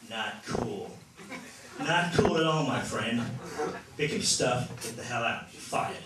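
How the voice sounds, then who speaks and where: A no-nonsense American boss, as a comic puts him on, lower and flatter than the performer's own voice, getting straight to the point. The line bounces around a roomy club, heard from afar through loud noise. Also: male voice, measured pace, lightly acted. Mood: blunt. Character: blunt American office boss, curt and direct. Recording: roomy, distant, noisy club.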